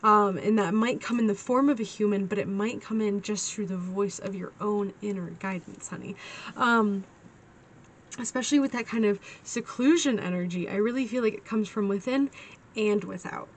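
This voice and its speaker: A woman's voice: medium pitch, moderate pace. A woman giving a casual tarot reading, chatty and giggly, calling her listeners honey. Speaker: tarot reader.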